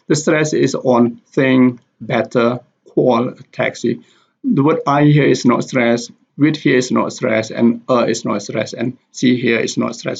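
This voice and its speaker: Man, pronunciation teacher, husky voice, deliberate repeated examples, lo-fi sound. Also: mid-range voice, a little mellow. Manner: repeats example words deliberately, drawn-out syllables. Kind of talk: slow explanatory lesson with spoken examples. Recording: dull lo-fi recording.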